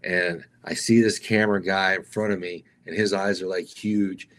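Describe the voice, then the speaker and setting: Deep-voiced stuntman telling wild stories. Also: moderate pace. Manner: animated storyteller, acts out others in raised voices, slangy "dude". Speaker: stuntman guest. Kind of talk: casual storytelling interview.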